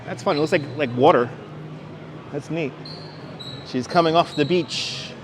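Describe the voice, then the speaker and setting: A man's voice: fairly high pitch, unhurried, soft background music. A man with a New York accent hosting a casual live-streamed walking tour, chatting with viewers and reading out signs. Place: outdoor city walkway at evening. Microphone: wireless clip-on mic.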